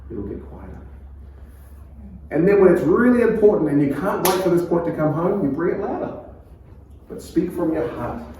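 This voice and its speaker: A man with a New Zealand accent leads a preaching workshop in a calm, conversational voice with a mellow, dark tone. He sits well back from the mic, and the church hall around him is very echoey. A faint room hum sits underneath. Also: mid-range voice, far from the mic. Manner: calm, conversational, laughs often. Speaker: pastor.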